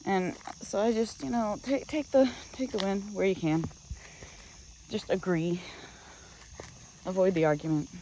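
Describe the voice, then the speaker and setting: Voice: mid-range voice, measured pace, pauses often, warm tone, slight background noise, poor audio. Rambling vlogger venting on a woodland walk. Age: adult. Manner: rambling, frustrated, many fillers and restarts. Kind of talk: casual venting vlog while walking. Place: woods, outdoors, walking.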